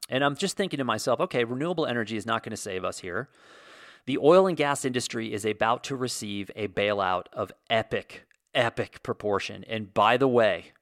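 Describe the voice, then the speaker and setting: A man's voice: fairly low pitch, fairly bright tone, no room sound, studio quality. A man from the United States hosting a vlog, giving an opinionated monologue in a ranting, sarcastic way with lots of fillers. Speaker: video host.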